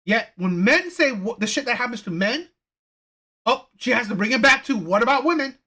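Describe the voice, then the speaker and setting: A man giving heated reaction commentary with a bright, forceful edge. He repeats himself, swears freely and hammers every point as he rants. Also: very high voice, animated, moderate pace. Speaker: reaction channel host. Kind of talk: ranting video commentary.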